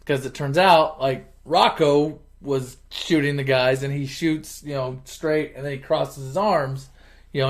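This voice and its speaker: Animated man casually retelling a movie. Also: medium pitch. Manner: animated, chuckling, conversational. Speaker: channel host.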